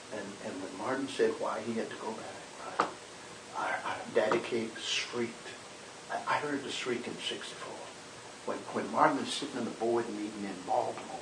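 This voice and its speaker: An older man, a minister, telling civil rights era stories in an animated, conversational way, with frequent repeated words. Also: on the low side. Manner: animated storyteller, dramatic quotes, many repeated words. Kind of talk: conversational storytelling interview. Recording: echoey room, distant mic, hiss.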